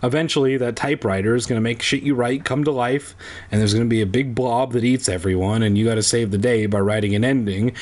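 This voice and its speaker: A man's voice: medium pitch, fairly even intonation, fast, darkish tone. A man from Southern California who reads a children's horror book aloud as host and breaks off into sarcastic, rambling, crude asides. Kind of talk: comic reading with crude asides.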